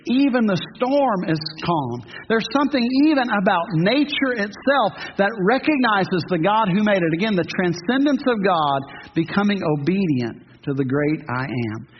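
A man in his fifties delivers a sermon in a high, lifted voice, earnest and building to emphatic peaks. His words ring through a big church hall with a long reverb tail. The sound is a bit dull and carries a faint hiss. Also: lively intonation, moderate pace, hardly any pauses. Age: 50s. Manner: earnest, rising to emphatic peaks, joking asides. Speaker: pastor. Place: church sanctuary.

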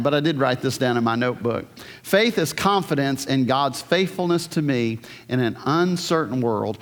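A man's voice: sits high, fairly bright tone. A man preaching an earnest sermon, often putting questions to the congregation and restarting his sentences. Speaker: pastor. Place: church hall. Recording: long hall reverb.

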